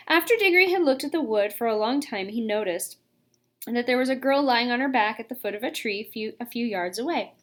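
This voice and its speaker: A woman reading a children's story aloud, narrating and voicing the dialogue in a lively way. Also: brisk. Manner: lively, reads dialogue with raised pitch. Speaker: audiobook reader. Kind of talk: storybook narration with character voices.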